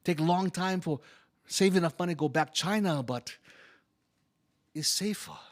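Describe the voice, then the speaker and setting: A man's voice: fairly high pitch, a little slow, lightly acted. A man storyteller playing a humble, good-humored Chinese immigrant laborer who speaks in broken English. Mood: wistful. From Hawaii. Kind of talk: first-person character storytelling.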